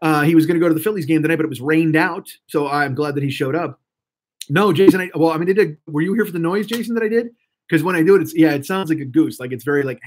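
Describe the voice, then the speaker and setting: A hoarse man in his fifties hosting a live stream, rambling and swearing excitably as he chats with viewers. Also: fairly high pitch. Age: 50s. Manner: rambling, profane, excitable, talks to chat. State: hoarse throat. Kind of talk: casual live-stream chat.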